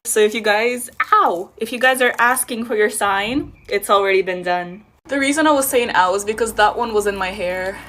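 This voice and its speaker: A young woman talks her viewers through her own makeup in a casual vlog, playful, chatty and ready to poke fun at herself. Her voice is mid-range and fairly bright, moving at a normal pace with hardly any pauses.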